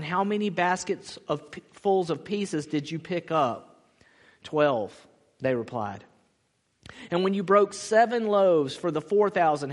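A man preaching a sermon as pastor, animated, acting out the people he quotes and laughing often. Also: on the high side, long reverb tail. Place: church sanctuary.

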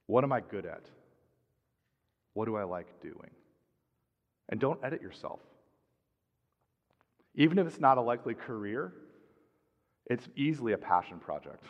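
A middle-aged man preaching a sermon as pastor, calm and measured, letting his phrase ends drop softly. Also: mid-range voice. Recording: dull sound with long hall reverb.

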